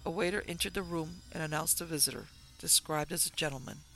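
A man narrating a classic novel as an audiobook in an even, formal storytelling manner. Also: on the high side, fast talker, gravelly, faint music behind.

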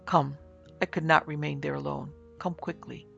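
A man voicing an unnerved country gentleman who speaks weakly and falters, in a muffled recording with soft music. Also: a little high, fairly even intonation, moderate pace, gravelly, heavily acted. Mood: shaken. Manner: weak, faltering. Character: shaken middle-aged English baronet, weak and unnerved.

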